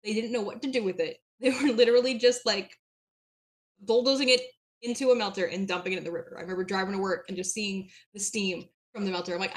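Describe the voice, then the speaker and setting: A chatty young woman from New Hampshire is a guest in a casual interview. She rambles through her stories with plenty of fillers and quick laughs. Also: medium pitch, steady tone. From southern New Hampshire.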